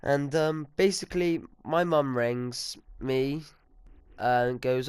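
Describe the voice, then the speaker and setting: A man's voice: medium pitch, normal speed, clean tone, no room sound. A sixteen-year-old boy telling a rambling, indignant, sweary story to his viewers. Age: teens. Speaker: vlogger. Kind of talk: casual storytime.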